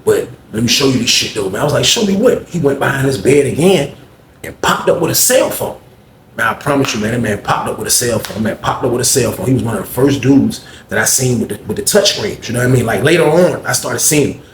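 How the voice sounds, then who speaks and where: A man's voice: medium pitch, animated, fast, slight background noise. A man telling a story in a casual, slangy way, often adding "you know what I mean". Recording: echoey room.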